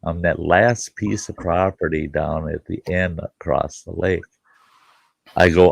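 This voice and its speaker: In a low, steady voice with vocal fry, this middle-aged man speaks unhurriedly, with no echo on the recording. He's a campground host and show host spinning a folksy yarn in casual chat, playing both parties in a conversation and cursing offhandedly.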